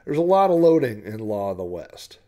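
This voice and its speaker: A man's voice: fairly low pitch, sing-song, fairly quick, mellow. A man from Oklahoma hosting a podcast, giving rambling, hesitant gameplay commentary with frequent chuckles. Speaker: podcast host.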